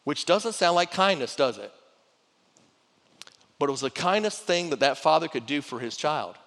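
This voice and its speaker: A man's voice: on the high side, lively intonation, normal speed, gravelly, a bit bright. A middle-aged man preaching a sermon to his church in a conversational way, repeating words and restarting phrases as he goes. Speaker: pastor. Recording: long hall reverb.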